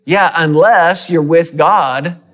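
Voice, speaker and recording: A man preaching a sermon in a church, lively and dramatic, with fast bursts and sudden hushed drops. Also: fairly high pitch. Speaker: pastor.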